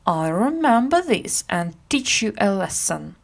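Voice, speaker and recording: A woman voicing a sly, scheming beggar boy in a storybook reading, slow and taunting. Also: mid-range voice, big pitch swings, gravelly, exaggerated voice.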